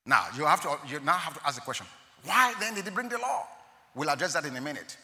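A man preaching a sermon to an audience, swinging between loud, emphatic rises and quiet asides. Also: fairly high pitch, big pitch swings, fast talker. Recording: long hall reverb.

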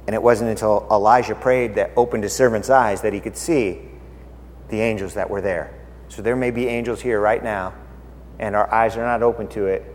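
Man, preacher, conversational sermon, playful rhetorical questions, very animated pitch, echoey hall. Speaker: preacher teaching the Bible.

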